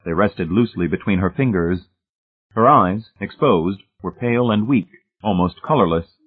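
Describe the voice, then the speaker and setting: A man narrating a story as an audiobook in an even, measured way. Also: sits low, slightly rough. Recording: tinny, phone-like narrow sound.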